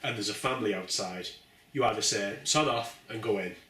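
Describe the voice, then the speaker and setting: Man, bright tone, retelling game scenes, casual, echoey room, far from mic. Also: fairly low pitch, a little fast. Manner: retells scenes, quoting characters. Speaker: video game reviewer. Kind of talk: casual chat. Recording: roomy, distant from the mic.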